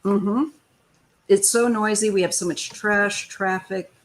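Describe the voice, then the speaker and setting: A woman's voice: mid-range voice, fairly even intonation, unhurried, low-quality recording. A woman hosting a live tarot stream, chatting casually and giving emphatic advice. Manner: chatty, emphatic, complaining asides. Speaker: tarot reader host.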